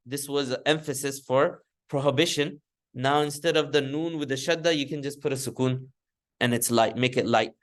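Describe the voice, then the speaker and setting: A man's voice: medium pitch, steady tone, normal speed, fairly bright tone. A man teaching a grammar lesson in a classroom lecture style. He speaks patiently, restating his points often, with frequent fillers and restarts. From United States. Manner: patient, repeats and reformulates points with many fillers.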